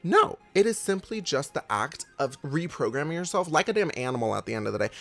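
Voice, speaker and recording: Guy coaching manifestation, talks super fast, a bit high, blunt and sweary, keeps saying okay. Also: sing-song, gravelly, a bit bright, soft background music. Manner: emphatic and blunt, with frequent "okay?" tags and casual swearing; calls the listener "babes". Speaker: manifestation coach, channel host. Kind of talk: casual motivational talk to camera.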